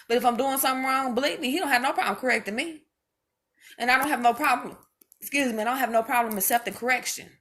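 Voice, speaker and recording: A woman's voice: high-pitched, a bit bright. A mother speaking straight to her viewers in an impassioned monologue, emphatic and preachy, hammering home each point by repeating it.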